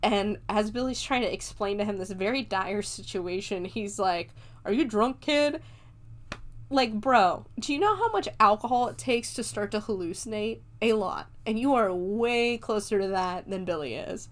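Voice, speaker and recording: A chatty woman hosts her own podcast, walking through a film scene by scene in loose, everyday talk. She laughs often and drops casual swears along the way, her pitch sitting in an ordinary middle range. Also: animated, moderate pace, few pauses. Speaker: podcast host. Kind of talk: casual movie review chat.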